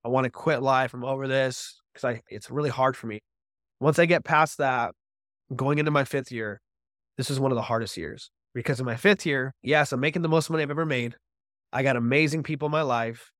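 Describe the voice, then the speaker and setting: Brief: male podcast guest, animated storyteller who acts out his own dialogue, mid-pitched voice, close dry sound. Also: a little fast, no room sound. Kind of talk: personal recovery story.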